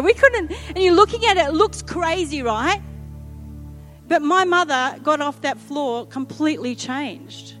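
A woman's voice: high voice, unhurried, soft background music. A middle-aged woman, telling a humorous story in a sermon and acting out the quotes. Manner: lively, humorous, acts out quotes. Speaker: preacher.

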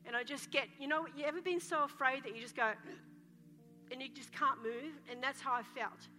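A woman pastor delivers a fervent sermon, her voice high and bright. She tells her stories with drama and sometimes breaks into joyful shouts. The sound carries a long hall reverb, with faint music behind her. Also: moderate pace. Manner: passionate, dramatic storytelling with shouts. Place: church hall.

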